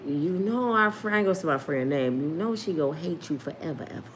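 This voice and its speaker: A woman in her fifties telling a casual story, animated and laughing often as she acts out the people in it. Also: low voice, quick pace, slight background noise. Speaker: storyteller host.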